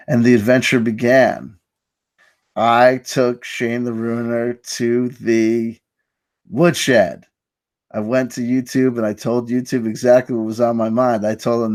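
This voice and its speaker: A man's voice: mid-range voice, fairly even intonation, measured pace, a little mellow, no room sound. A man hosting a live online stream, telling a story in a mock-grandiose, self-mocking way. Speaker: host. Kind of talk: casual live-stream chat.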